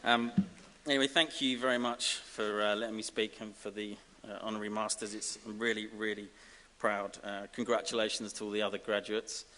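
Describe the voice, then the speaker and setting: Man, comic honorary-graduate speech, bright tense tone, faint hiss on a reverberant recording. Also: lowish voice, flat delivery. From Essex, England. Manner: self-deprecating, wry, halting with fillers. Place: large ceremony hall.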